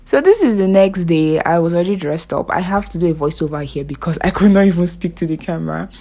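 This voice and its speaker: A woman's voice: on the low side, animated, fast talker, warm tone. A young woman in her twenties with a Nigerian accent, talking casually in a vlog voiceover, chatty and prone to repeating herself. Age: 20s. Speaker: vlogger.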